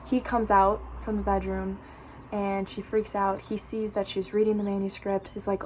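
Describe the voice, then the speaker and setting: A woman's voice: medium pitch, completely flat delivery, moderate pace, darkish tone, slight background noise. A young woman casually recapping a novel for her channel, chatty and full of "like.". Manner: chatty, fills speech with "like". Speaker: book vlogger.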